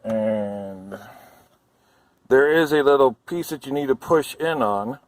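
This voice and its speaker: Recording from inside the car, this out-of-breath man talks through a repair as a casual how-to, thinking aloud and cautiously hedging his warnings. His mid-range voice is expressive and he takes it slowly. He's a DIY car repair vlogger, and the poor audio has no echo.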